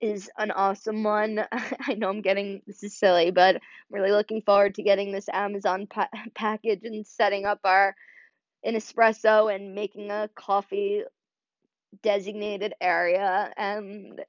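A woman's voice: medium pitch, flat delivery, moderate pace, dry recording. Choked-up woman, earnest podcast monologue. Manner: earnest, rambling, many "like" and "you know" fillers. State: emotional, choked up near tears. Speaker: podcast host. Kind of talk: heartfelt solo podcast monologue. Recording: dry, slightly dull lo-fi sound.

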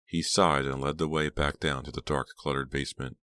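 A man narrating an audiobook in a steady, measured way. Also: very deep voice, dry recording, studio quality. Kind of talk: scripted narration.

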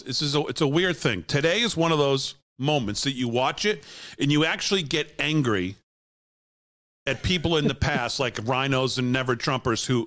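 Man hosting talk show, exasperated, scornful, laughs a lot, mid-pitched voice. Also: fairly bright tone. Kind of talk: heated political commentary.

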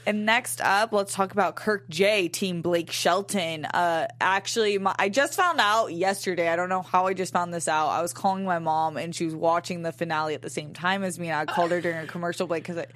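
A woman's voice: on the low side, fairly quick, hardly any pauses, fairly bright tone, no echo. A young adult woman co-hosting a casual review podcast, chatty and upbeat, with plenty of fillers. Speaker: podcast co-host.

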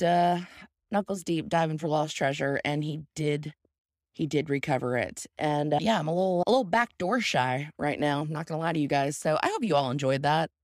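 A woman hosting her own podcast, telling a candid, self-deprecating story in a casual, animated way. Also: sits low, dry recording, clean studio sound. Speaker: podcast host.

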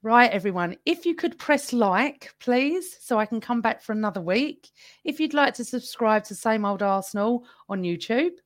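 A woman's voice: fairly high pitch, animated, normal speed, no echo, clean studio sound. Chatty woman podcast host. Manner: chatty, reads out viewer comments. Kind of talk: live-stream fan chat.

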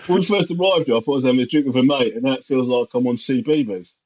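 A man's voice: mid-range voice, rapid-fire, a little mellow, lightly acted. A man voicing a short, stocky, easygoing gym-goer with a laid-back, slightly defensive manner. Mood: puzzled.

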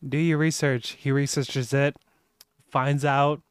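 A man's voice: mid-range voice, little pitch movement, slow pace, clean tone, no echo, clean studio sound. A man co-hosting a casual podcast, telling rambling, profane stories and laughing a lot. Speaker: podcast co-host. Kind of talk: casual chat.

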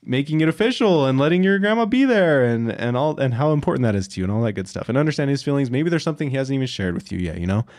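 A man's voice: mid-range voice, lively intonation, racing, hardly any pauses, darkish tone, dry recording, clean studio sound. A young man co-hosting a casual advice chat, earnest and encouraging, with many "like" and "you know" fillers. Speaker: podcast co-host.

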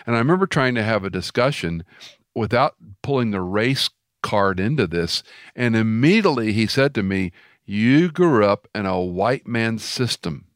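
A man from Houston, Texas hosts an interview in a lowish voice, speaking emphatically and telling stories full of quoted dialogue. The studio-quality recording has no echo.

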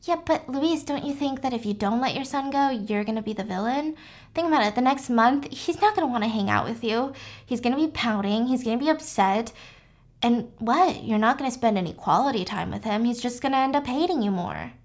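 A woman voicing a blunt best friend who reasons in a low-key, persuasive way. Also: expressive, a little fast.

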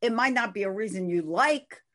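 A woman's voice: mid-range voice, expressive, normal speed, a bit bright. A woman in a casual conversation who chimes in with agreement and talks about what she tells parents. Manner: agreeable, brief affirmations.

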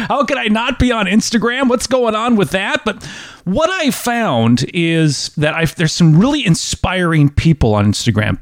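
A man's voice: a little high, dry recording, studio quality. A man hosting a running podcast, chatty and enthusiastic. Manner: enthusiastic, lively, chatty with restarts. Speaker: podcast host. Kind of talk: casual interview chat.

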